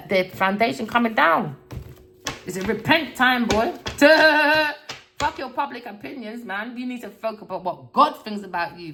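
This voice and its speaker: A woman's voice: medium pitch, a bit bright. A woman gives a collective tarot reading, talking bluntly and preachily, scolding her listeners with repeated words and swearing. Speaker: tarot reader.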